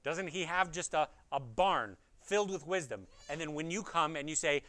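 Bright-voiced male preacher asking rhetorical questions. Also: fairly high pitch, moderate pace, hardly any pauses, clear, resonant tone, no room sound. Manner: earnest, presses with rhetorical questions; addresses listeners directly. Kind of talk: expository sermon.

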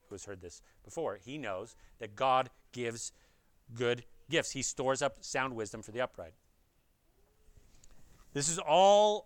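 On a dry recording, a man with a medium-pitched, fairly bright voice preaches an expository sermon. He is earnest, pressing his point with rhetorical questions and addressing his listeners directly.

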